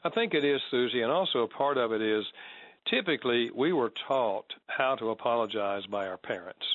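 Measured man explaining in a dry, dull studio. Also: medium pitch, animated, no room sound. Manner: measured, explanatory, acts out sample apologies. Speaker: guest author on apology. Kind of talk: conversational teaching.

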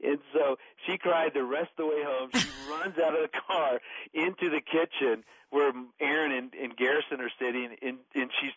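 A man in his forties, a radio talk guest, telling family stories in an animated way with bursts of laughter. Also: fairly high pitch, normal speed, slightly rough, dry recording. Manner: storytelling, animated and laughing while recounting. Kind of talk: radio talk about marriage. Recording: dull, dry radio studio sound.

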